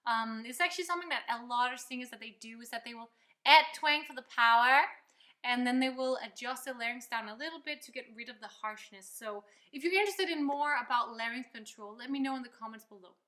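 A woman's voice: fairly high pitch, quick pace, bright, forceful tone. A woman teaching a singing lesson, explaining step by step in an upbeat, encouraging way. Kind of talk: vocal lesson with demonstrations. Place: loud location, not a quiet studio.

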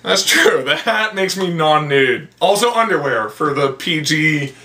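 A middle-aged American man in a loose, rambling chat, full of sarcastic jokes. His voice sits a bit on the high side for a man. He wanders from one tangent to the next. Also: very animated, unhurried, pushed and bright. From United States. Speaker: son chatting with his mother. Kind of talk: casual chat.

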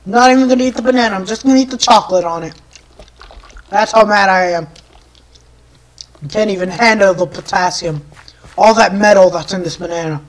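A woman giving live gameplay commentary, exasperated, often yelling and screaming at enemies, with rambling self-mocking asides. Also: mid-range voice, brisk, pauses often. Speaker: gameplay video creator.

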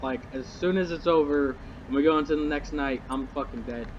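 A man's voice: fairly high pitch, a little fast, highs cut off, a little hiss or hum. A young man commentating a horror game, jittery and nervous, swearing and muttering to himself. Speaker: gamer.

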